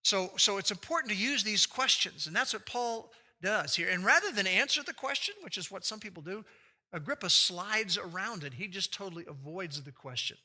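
Bright-voiced male preacher asking rhetorical questions. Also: high voice, lively intonation, moderate pace. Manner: expository, with rhetorical questions to the audience; acts out quoted speech with big shifts in loudness. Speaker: pastor. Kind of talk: sermon.

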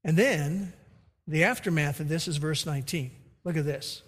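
A man's voice: a little high, normal speed, breathy edge. A man preaching a sermon as pastor, emphatic, acting out the quoted lines. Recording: reverberant hall.

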